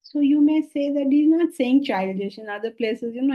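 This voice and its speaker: A woman's voice: on the high side, moderate pace, warm tone. A woman with an Indian English accent giving a scripture lecture, emphatic and repeating key phrases, slipping into Sanskrit and Hindi. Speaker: Vedanta teacher.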